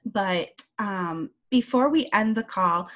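Woman podcast host, mid-pitched, effusive and chatty, casual interview. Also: takes it slowly, a bit bright. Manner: effusive, upbeat, chatty with many fillers.

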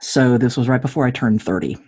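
A woman's voice: brisk, breathy edge. A woman in her forties, a podcast guest, telling a personal story with jokes and acted-out dialogue. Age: 40s. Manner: jokey, acts out dialogue with lively pitch jumps.

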